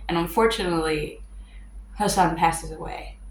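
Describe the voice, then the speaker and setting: A woman's voice: on the low side, fairly even intonation, moderate pace, slight background noise. A woman giving a casual movie breakdown in a chatty way, with wry asides and fillers. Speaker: movie reviewer. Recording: roomy echo.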